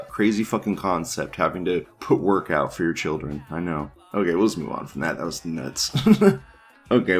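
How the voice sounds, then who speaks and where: Deep and slightly rough, his voice anchors an online news program where he reads forum posts out loud. His commentary on them is crude and meandering, broken up by frequent laughter and sentences he starts over.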